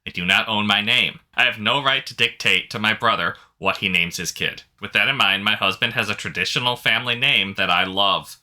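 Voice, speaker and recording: A man with a low, strikingly bright and forceful voice reads out stories in a relaxed, easygoing way. He chuckles often as he co-hosts a casual chat. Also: brisk, few pauses. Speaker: podcast co-host reading posts.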